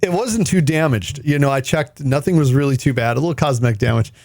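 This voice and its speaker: A man co-hosts a casual podcast and recounts an old story with a playful laugh. His voice sits at a middling pitch. The recording is dry and close, with no room sound. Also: fast, darkish tone, no room sound. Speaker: podcast co-host.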